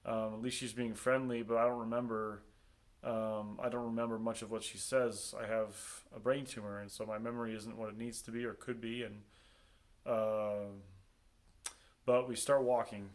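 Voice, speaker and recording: A man telling a personal story in a casual, halting way, with many pauses, ums and restarts. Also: fairly low pitch, little pitch movement.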